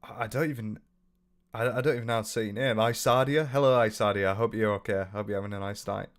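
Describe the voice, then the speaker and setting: A young man with a sore, hoarse throat, chatting loosely on a live stream from his room, swearing freely and reading out viewer comments. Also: fairly low pitch, fairly even intonation, fast. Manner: loose and rambling, swears freely, trails off into ums. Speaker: livestreamer.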